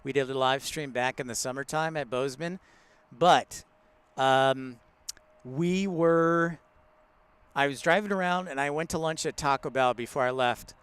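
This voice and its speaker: A man's voice: mid-range voice, a little slow, fairly bright tone, smooth, no room sound. A man hosting a casual live stream from outdoors at a large airport, chatting with viewers, greeting them by name and laughing often. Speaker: live-stream host, plane spotter.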